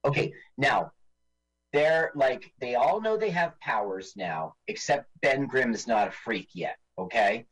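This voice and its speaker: A man's voice: mid-range voice, measured pace, low-quality recording. A man co-hosting a podcast, chatting casually and jokingly while watching a movie together. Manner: animated, jokey, mimics lines in silly voices. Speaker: podcast co-host.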